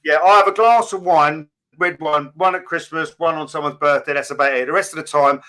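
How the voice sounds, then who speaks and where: A middle-aged man with a bright, forward tone talks as a guest in a relaxed interview. He speaks candidly and plainly, filling pauses with "uh" and "you know" and restarting his sentences. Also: fairly high pitch. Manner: candid, plain-spoken, with many fillers and restarts. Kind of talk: casual interview chat.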